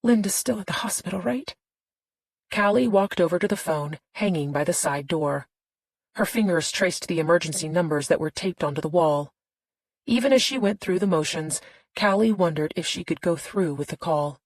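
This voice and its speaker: A woman narrating a thriller audiobook in a tense, steady storytelling manner. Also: sits low, moderate pace, no echo, poor audio.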